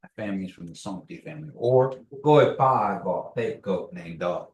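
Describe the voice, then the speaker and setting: A man teaching a language class, patiently repeating words slowly for learners. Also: on the low side, expressive, darkish tone, a little hiss or hum. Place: classroom, echoey room. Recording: echoey room, distant mic.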